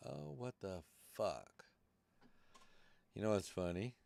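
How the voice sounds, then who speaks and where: A man's voice: fairly low pitch, expressive, slow pace, vocal fry, darkish tone. Profane, rambling podcast host man. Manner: loose and profane, rambling through tech troubles. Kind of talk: casual live-stream chat.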